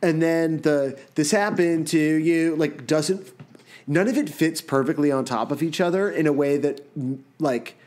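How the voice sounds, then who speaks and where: A man's voice: on the high side, measured pace, darkish tone. A young man co-hosting a podcast, talking casually in a rambling way with many fillers and frequent laughs. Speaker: podcast co-host. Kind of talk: casual chat.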